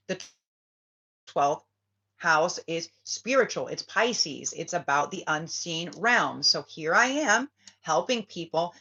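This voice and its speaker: Woman spiritual reader, low voice, rambling and profane, dull lo-fi audio. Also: fairly bright tone. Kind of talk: casual rambling vlog talk.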